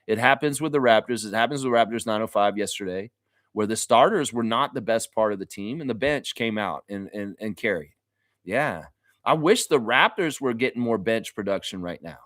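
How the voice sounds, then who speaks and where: Animated, profane basketball streamer. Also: male voice, fairly low pitch, brisk, no echo, clean studio sound. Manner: animated, blunt and profane, laughs often. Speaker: host of a daily basketball livestream. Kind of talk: casual livestream commentary reading chat.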